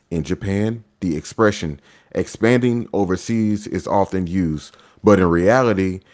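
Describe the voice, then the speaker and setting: A man co-hosting a gaming podcast, reading a news article aloud in a steady, measured way. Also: fairly low pitch. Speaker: podcast co-host.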